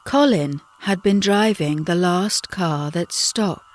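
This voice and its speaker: A British woman narrating her own memoir as an audiobook, telling it slowly and dramatically. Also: lowish voice, slight background noise. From Britain. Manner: slow, dramatic storytelling.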